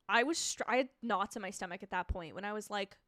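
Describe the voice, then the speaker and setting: Excitable young woman gushing on a live stream. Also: medium pitch, fast, no room sound, clean studio sound. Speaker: TV reviewer hosting a live stream. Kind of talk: live reaction chat, reading viewer comments.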